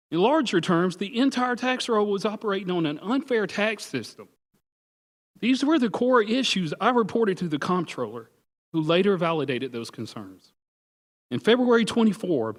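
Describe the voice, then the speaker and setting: A man's voice: medium pitch, big-room sound. A man giving emotional, pleading public comment at a county committee meeting. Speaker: residential appraiser speaking at public comment. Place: county government meeting room.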